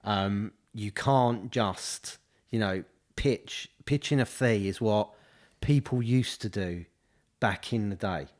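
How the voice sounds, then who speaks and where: A man's voice: fairly low pitch, takes it slowly, darkish tone. A man co-hosting a casual podcast, rambling through his points with many restarts and fillers. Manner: rambling, full of restarts and "you know". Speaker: podcast co-host, estate agent. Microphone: studio podcast mic.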